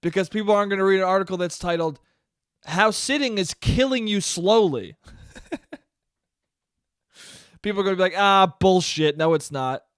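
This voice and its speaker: A young man hosting a solo comedy podcast, ranting sarcastically and swearing constantly, swinging between yelling and low mumbling. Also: normal speed, long pauses, clear, resonant tone, dry recording, clean studio sound. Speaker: podcast host.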